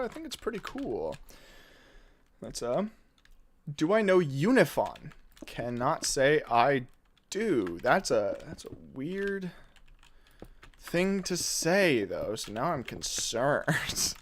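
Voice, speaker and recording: A man's voice: on the high side, takes it slowly, long pauses. A man hosting a casual live stream, chatting with viewers and joking at his own expense as he builds. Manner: lively, jokey, chatty, often laughs at himself.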